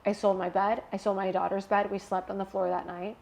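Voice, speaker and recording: A young woman guest telling a personal story in a candid interview, animated and emotional, laughing at times. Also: medium pitch, brisk, creaky, a little hiss or hum.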